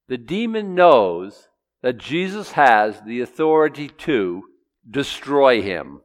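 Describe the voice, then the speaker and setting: A middle-aged pastor preaching an expository sermon, animated, acting out Bible voices and quizzing his congregation. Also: mid-range voice, a little slow. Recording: long hall reverb.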